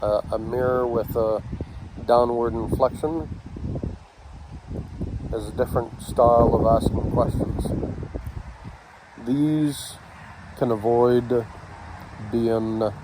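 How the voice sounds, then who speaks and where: A man teaching communication techniques, speaking in short halting phrases with pauses between them. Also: medium pitch, fairly even intonation, noisy background. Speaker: communication instructor. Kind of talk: slow instructional talk.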